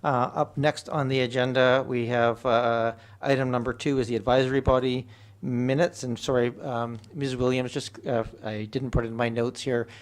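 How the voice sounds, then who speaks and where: A man chairing a council meeting as mayor, speaking in a measured, procedural and slightly hesitant way in a council chamber. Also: mid-range voice, flat delivery.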